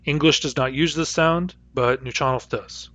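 A man's voice: on the high side, moderate pace, fairly bright tone, no room sound. A man teaching a phonetics lesson, explaining sounds patiently and demonstrating each one aloud. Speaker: language teacher.

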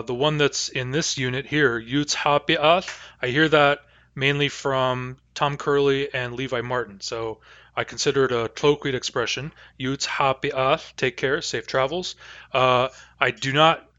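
A man teaching an online language class, explaining slowly and carefully with many pauses and fillers. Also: medium pitch, bright, forceful tone, no echo, lo-fi sound.

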